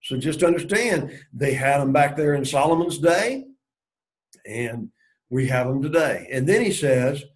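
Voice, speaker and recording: A man's voice: medium pitch, expressive, measured pace, rough recording. A man leading a Bible study lesson, going through the verses and asking and answering his own questions. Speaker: Bible class teacher.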